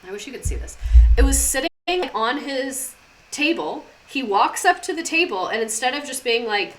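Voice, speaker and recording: A young woman talks casually on a live stream, with a fairly high, very bright voice. She swears often and slides off topic into chatty tangents. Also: lively intonation, moderate pace, slight background noise.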